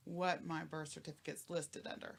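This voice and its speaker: A woman's voice: deep voice, level tone, normal speed, vocal fry. A woman with a Southern American accent, a guest on a podcast, speaking in a dry, matter-of-fact way. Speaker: guest, host's mother. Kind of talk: casual chat.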